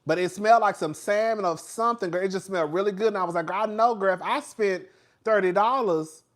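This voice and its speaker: A man hosting a casual livestream, chatty and animated, laughing often, with slang and swearing. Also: high-pitched. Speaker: host.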